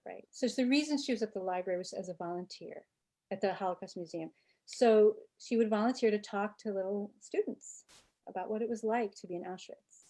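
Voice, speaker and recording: A woman anthropologist telling a personal story on a video call, animated and often restarting her sentences. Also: a little high. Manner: animated, self-interrupting storyteller. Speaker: anthropologist and author, guest.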